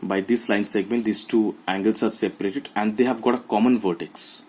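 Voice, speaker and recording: Low-voiced man teaching a math lesson. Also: fairly even intonation, a little mellow, slightly rough, poor audio. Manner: repeats phrases, halting with fillers. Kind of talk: classroom explanation to children. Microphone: phone held in one hand.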